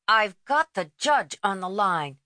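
A woman's voice: a little high, sing-song, unhurried, sharp tone, dry recording, pitched above the performer's own voice, exaggerated voice. Woman voicing a stern, frantic woman on the phone. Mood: stern, harried. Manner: stern, then breathless and desperate. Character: stern, frantic middle-aged woman caller.

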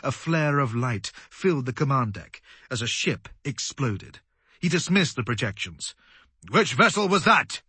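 A man narrating an audiobook in a dramatic, animated storytelling manner. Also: mid-range voice, a little slow, slightly rough, no echo. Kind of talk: scripted narration.

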